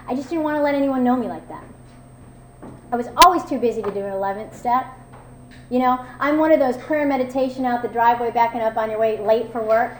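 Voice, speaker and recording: A woman with a twang speaks her personal testimony with a slightly high voice. She is frank and wry, full of fillers and restarts. The room around her is echoey, with faint ambience underneath. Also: slight background noise. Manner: candid, self-mocking, conversational with many fillers. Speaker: recovery meeting speaker.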